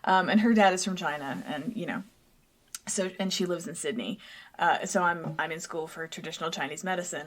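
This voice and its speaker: A woman's voice: sits low, fairly quick. A young woman co-hosting a podcast in casual chat, rambling and self-deprecating, laughing often. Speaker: podcast co-host.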